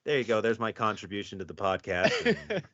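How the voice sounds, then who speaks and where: A man's voice: lowish voice, brisk, no echo, dull audio. A man co-hosting a podcast, telling a story casually and acting out the people in it. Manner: animated, acts out quotes. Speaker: podcast co-host.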